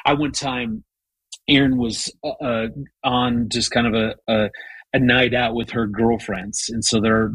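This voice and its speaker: A man in his fifties speaks earnestly as an interview guest, his voice slightly husky. He stumbles and restarts his sentences as he tells a personal story. His pitch sits in a middle range, and the recording is dry, with no room sound. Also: fairly bright tone, no echo, rough recording. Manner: earnest, frequent stammered restarts. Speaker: guest, marriage author. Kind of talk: conversational storytelling.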